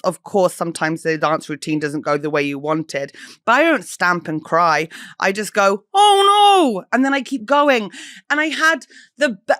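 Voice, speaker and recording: A woman's voice: medium pitch, a bit bright, no room sound, clean studio sound. A woman hosting her own solo comedy podcast, chatting in a bubbly, rambling way. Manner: bubbly, chatty, swings into sung bits. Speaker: podcast host.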